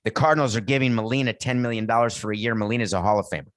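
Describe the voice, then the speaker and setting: A man's voice: lowish voice, very fast, no echo. A middle-aged man hosting a sports talk show, giving blunt, emphatic opinions off the cuff. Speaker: podcast host.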